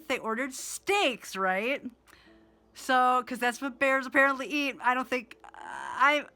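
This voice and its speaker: Casting: woman in her forties, a little high, bright voice, rambling casual storyteller who swears freely. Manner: rambling, profane, many fillers.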